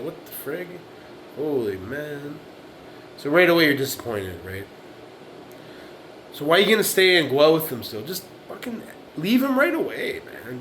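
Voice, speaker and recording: A man in his late forties, vlogging to camera, has a medium-pitched, slightly bright voice. He gives a blunt, profane monologue, repeating himself and asking "right?" a lot, on poor audio with slight background noise.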